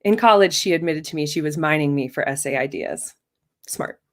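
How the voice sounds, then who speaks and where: A woman's voice: low voice, a little fast. A woman in her thirties telling a true first-person story live, in a wry, self-mocking, conversational way.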